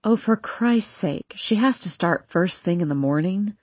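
A tired, stern mother, read by a woman narrator, answers in short, exasperated phrases. Her voice is a little husky, and the recording is close and dry. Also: on the low side, animated, a little slow, darkish tone, dry recording. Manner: clipped, exasperated. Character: weary, stern middle-aged mother.

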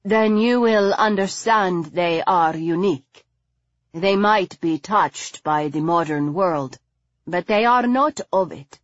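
A woman reading the part of a refined, patient aristocratic lady who speaks in a measured, gently chiding way. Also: lowish voice, dry recording, dull audio.

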